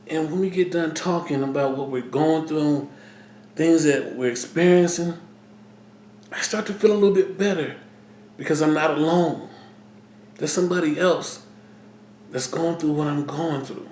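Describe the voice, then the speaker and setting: A middle-aged man talking earnestly in a personal vlog, halting and repeating himself as he speaks. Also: fairly high pitch, a little mellow, reverberant, slight background noise. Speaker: vlogger. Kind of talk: personal vlog talk to camera.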